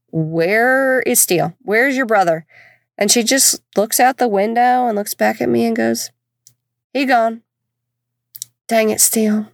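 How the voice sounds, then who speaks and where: A woman's voice: medium pitch, dry recording. A woman, casually telling stories about her kids, chatty and exasperated, with self-deprecating humor. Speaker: podcast host and mother of four. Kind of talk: casual storytelling monologue.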